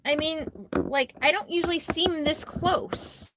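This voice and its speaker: A woman's voice: high voice, steady tone, measured pace, fairly bright tone, slight background noise. A tired woman hosting a casual RV livestream from her phone, chatty, greeting viewers by name and laughing often. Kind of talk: casual live stream chat. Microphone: phone held close.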